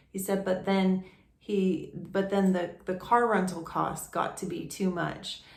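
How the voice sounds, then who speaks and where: A woman's voice: lowish voice, vocal fry. A young adult woman vlogger telling a personal story in a casual, rambling way, with many restarts and fillers. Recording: echoey room.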